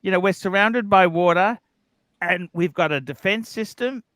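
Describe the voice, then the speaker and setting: A man with an Australian accent hosting a livestream debate, blunt and quick to swear. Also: high voice, fairly bright tone, no echo. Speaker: livestream host. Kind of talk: heated casual debate.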